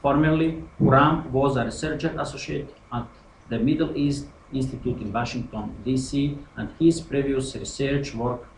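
Man formally introducing a lecture. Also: medium pitch. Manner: formal, reading a prepared introduction. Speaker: host introducing a speaker. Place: lecture hall. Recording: echoey hall with faint noise.

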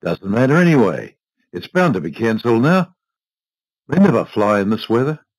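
A man's voice: medium pitch, sing-song, normal speed, dry recording, low-quality recording. A man voicing a cold, domineering old husband who speaks curtly and dismissively. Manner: curt, dismissive, clipped.

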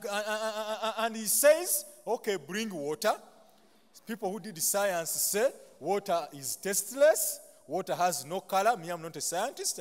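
Ugandan man preaching in a reverberant chapel. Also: high-pitched. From Buganda, Uganda. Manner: call-and-response, leaves sentences open for the congregation to finish; humorous asides with self-deprecating jokes. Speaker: pastor. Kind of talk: sermon.

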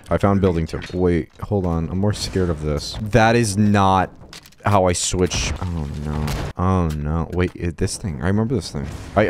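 Brief: young male gaming YouTuber, deep but swingy voice, rambling sweary banter, light hiss and clicks. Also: a little mellow. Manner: rambling, self-deprecating, sweary, laughs often. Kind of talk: casual gameplay commentary.

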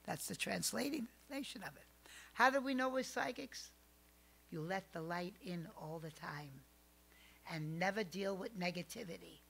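An older woman telling family stories as a podcast guest, animated, swinging between loud outbursts and hushed asides. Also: fairly low pitch, measured pace, creaky, slight background noise. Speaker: psychic guest. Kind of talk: storytelling in a podcast interview.

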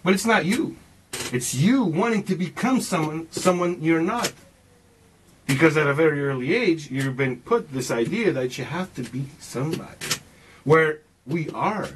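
A man's voice: on the high side, animated, moderate pace, a little hiss or hum, poor audio. A man in his forties in a casual, rambling monologue, swearing often and talking emphatically as he philosophizes, calling the listener "man". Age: 40s. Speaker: speaker sharing personal views.

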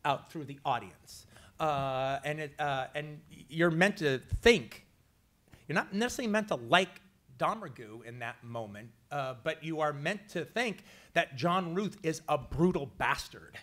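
A man, a writer and filmmaker, answering a question at a press conference, halting with many fillers. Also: fairly high pitch, expressive, fairly bright tone.

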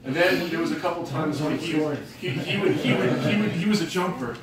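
Brief: man, slightly high voice, off-mic in a very echoey room with a crowd, cussing and laughing through stories. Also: fairly quick, distant mic. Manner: profane, laughing, rambling. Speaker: dog owner telling stories. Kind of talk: casual storytelling tribute.

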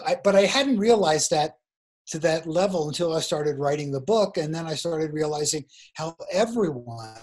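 A man's voice: fairly high pitch, darkish tone. A man being interviewed as a guest author over a remote internet call. He tells a long story in a meandering way, often restarting his sentences. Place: remote location in the mountains.

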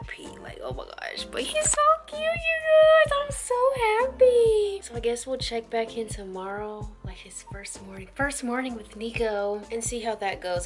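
A young woman vlogging casually to her viewers, chatty and informal, just woken up. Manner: chatty, switches to high baby talk for her puppy. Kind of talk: casual vlog chat.

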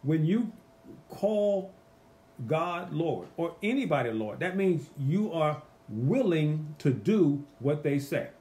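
A man teaching a casual Bible study, animated and emphatic, asking the group rhetorical questions. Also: a little high, takes it slowly.

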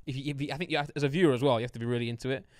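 Young guy on a podcast rattling off jokey stories really fast, lots of likes and ums, dry close mic. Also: medium pitch, fairly even intonation, no room sound. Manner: quick, jokey, playful storytelling with lots of fillers. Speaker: podcast co-host. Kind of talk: casual chat.

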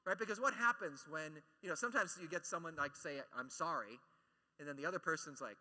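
Bright animated man in an echoey hall. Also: fairly high pitch, brisk. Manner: animated, joking asides and acted-out quotes. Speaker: speaker at a Catholic conference. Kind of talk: conference talk.

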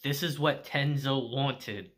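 A man's voice: medium pitch, slow pace, fairly bright tone. A man reading as a grieving stern swordmaster. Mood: grim. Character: grieving male swordmaster, stern and vowing revenge.

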